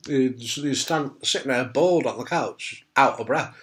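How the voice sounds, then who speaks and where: A man's voice: medium pitch, measured pace, fairly bright tone, slight background noise. Blunt, jokey British man. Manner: blunt, jokey, swears casually, many restarts and "right?". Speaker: testicular cancer survivor giving advice. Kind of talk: candid casual talk to camera.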